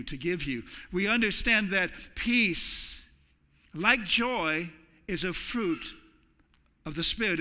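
A man preaching in a church sanctuary, his voice very bright, forceful and a little high. He talks in a conversational way, often repeating words as he restarts a thought. A long reverb from the large hall trails after every phrase. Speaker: pastor. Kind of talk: sermon.

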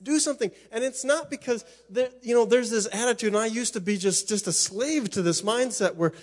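A man's voice: extremely high pitch, expressive, moderate pace, hardly any pauses. A middle-aged man preaching a sermon as pastor, impassioned, often repeating and restarting his phrases.

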